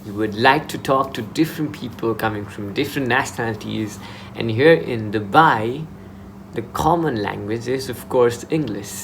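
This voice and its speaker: A man's voice: medium pitch, normal speed, a bit bright, a little hiss or hum. A young man in Dubai giving casual advice in a vlog, chatty and informal, often restarting his sentences. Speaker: vlogger.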